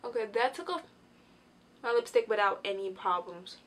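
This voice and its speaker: A tired young woman casually reviewing a beauty product while sitting on the floor at home, chatty and excitable, with lots of fillers. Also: medium pitch, moderate pace. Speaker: beauty vlogger.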